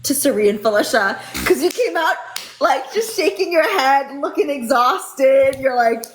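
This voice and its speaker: A young woman with a slightly high voice chats casually as a guest. She talks in a teasing, blunt way and swears freely. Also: expressive, measured pace, a little hiss or hum, low-quality recording. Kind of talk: casual chat.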